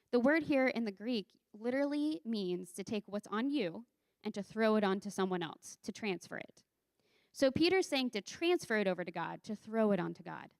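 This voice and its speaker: A woman preaches a sermon in a conversational, emphatic manner and leans on rhetorical questions. Her voice sits a little high, and the sound is close and dry. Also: no room sound. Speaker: youth leader preaching.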